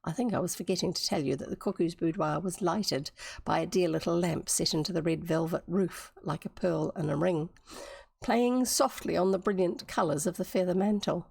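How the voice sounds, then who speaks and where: A woman's voice: lowish voice, normal speed, vocal fry, a little mellow, slightly rough, dry recording, studio quality. A woman from New Zealand reading a classic novel aloud on a livestream, with chatty explanatory asides. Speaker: storybook reader on a livestream.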